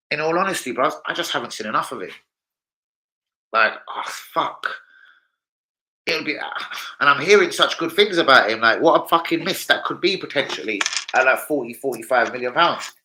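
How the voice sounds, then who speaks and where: A young man chats on a football livestream. His voice is bright and forceful. He rambles in street slang and swears freely. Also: medium pitch, low-quality recording. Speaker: football channel host. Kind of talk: casual livestream chat.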